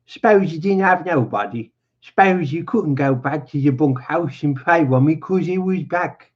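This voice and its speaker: A man voicing a lonely, needling older male stable hand, drawn out and raised in pitch, on a dull lo-fi recording. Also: expressive, moderate pace. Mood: pleading.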